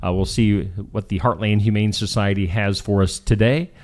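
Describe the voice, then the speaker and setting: A man's voice: lowish voice, fairly even intonation, normal speed, darkish tone. A man co-hosting a local morning show, chatting casually in an upbeat, joking, rambling way. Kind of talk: casual chat.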